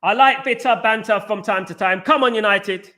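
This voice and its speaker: A man hosting a football fan live stream, bantering and giving shout-outs to viewers in the chat. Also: high-pitched, normal speed. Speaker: host.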